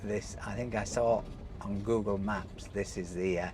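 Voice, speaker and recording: A man's voice: fairly low pitch, steady tone, unhurried, noisy background. A man hosting a travel vlog, chatting enthusiastically about the scenery while he drives. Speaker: vlog host. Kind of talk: casual travel commentary while driving. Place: inside a small electric car on village streets.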